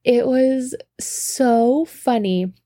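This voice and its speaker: A woman telling a personal story in a casual, animated way, laughing often and swearing freely. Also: a little high, very slow, no room sound, studio quality. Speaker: storyteller sharing a personal anecdote.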